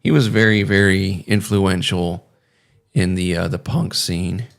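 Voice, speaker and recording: A man's voice: low-pitched, steady tone, measured pace, gravelly. A young man chatting casually on a stream, rambling and swearing with many fillers. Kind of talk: casual chat.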